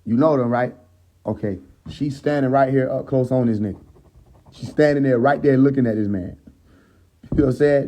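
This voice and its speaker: A man talks into his phone on a live stream, retelling scripture in loose, profane street talk. His voice is dark and mellow and sits at a middle pitch. He keeps asking his viewers whether they follow. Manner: retells the story with acted quotes and laughs at his own jokes. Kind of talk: casual live-stream commentary. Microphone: phone mic on a social live stream.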